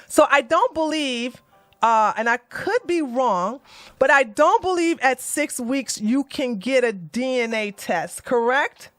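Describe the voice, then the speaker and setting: Blunt, animated woman streamer. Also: takes it slowly, dry recording, soft background music. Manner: blunt, animated, swings between low muttering and loud outbursts; swears and mocks. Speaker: commentary streamer. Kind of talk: heated livestream commentary.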